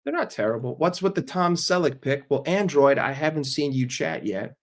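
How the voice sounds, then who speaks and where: A livestream host with a voice on the high side and lively intonation answers his chat casually. He's blunt, swears often and tosses off quick jokes.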